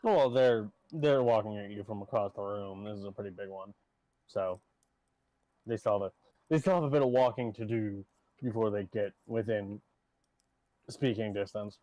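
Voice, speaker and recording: A man's voice: lowish voice, moderate pace, pauses often, mellow, dry recording, poor audio. A man narrating as game master in a tabletop game, rambling and laughing often.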